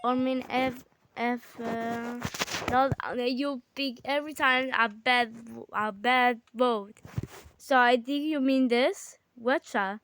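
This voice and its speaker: A high-voiced woman chats through a game with her sibling, exclaiming and bickering. She talks at an unhurried, drawn-out pace even when she gets excited. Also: noisy background. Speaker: gamer. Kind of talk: casual gaming chat with a sibling.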